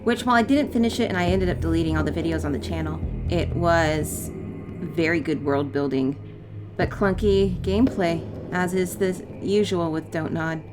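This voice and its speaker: A woman's voice: lowish voice, normal speed, over music. A woman chatting casually as she plays a video game, rambling into side tangents and apologizing for them. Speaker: let's play gamer. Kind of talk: casual gameplay commentary.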